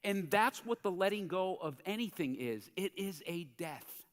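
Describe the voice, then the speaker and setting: A man preaching a sermon as a pastor in a church, in a conversational, animated way that acts out the quotes he tells. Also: sits high, measured pace. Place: church sanctuary. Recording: church hall reverb.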